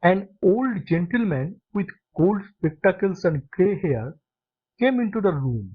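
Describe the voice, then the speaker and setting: A man narrating a short story aloud in a slow, expressive reading, on a dull lo-fi recording. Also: high-pitched.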